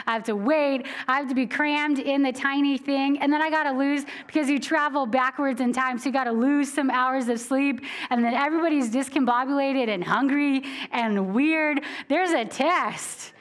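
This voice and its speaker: A woman preacher giving a church sermon in a conversational, animated way, often laughing between points. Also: high-pitched, normal speed, hardly any pauses.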